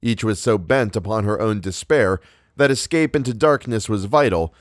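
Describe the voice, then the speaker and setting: A man narrating a novel as an audiobook in a measured, unhurried way. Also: fairly low pitch, dry recording, studio quality. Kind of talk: audiobook reading.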